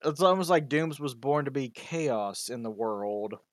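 A man's voice: medium pitch, expressive, measured pace, dry recording. A man with a Southern American accent, talking bluntly and joking with lots of swearing in a casual chat as podcast host.

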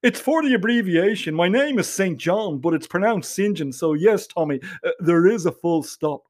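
A man's voice: sits high, expressive, normal speed, a little mellow. A man putting on a prim, proper young fiancé.

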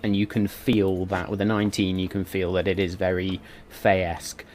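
A man narrating as game master in a tabletop game, with slow, dreamy descriptions and casual swearing. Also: deep voice, little pitch movement, darkish tone.

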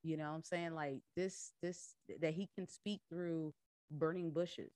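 A woman's voice: sits low, fairly even intonation, a little slow, a little mellow, dry recording. A woman podcast host and coach giving a casual Bible teaching talk, conversational and laughing often as she acts out voices in her retelling.

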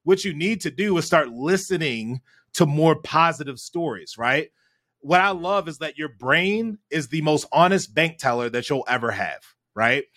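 Man, bright voice on the high side, animated storyteller who keeps checking in with "right?". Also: normal speed. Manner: animated storyteller, frequent "right?" tag questions. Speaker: guest. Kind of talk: storytelling in a podcast chat.

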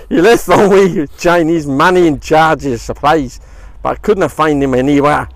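A man putting on a to voice a big, muscular laborer who answers loudly and defensively in a joke. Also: a little high, measured pace, no room sound. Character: gruff Scottish male laborer, big and muscular.

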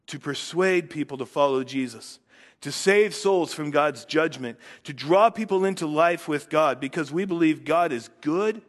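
A man preaching a sermon as pastor, earnest, building force on key words and dropping soft at phrase ends. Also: on the high side, long reverb tail.

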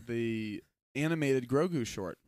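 A man's voice: medium pitch, a little slow, a little mellow, no echo. A man co-hosting a podcast in casual chat, telling stories with animation and mimicking a toddler. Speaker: podcast co-host.

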